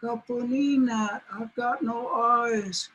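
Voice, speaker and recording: A man's voice: very high voice, steady tone, slow, a bit bright, dull audio, slight background noise, pitched above the performer's own voice, exaggerated voice. A man voicing a pitiful blind male coyote trickster in a storytelling, pleading and whiny.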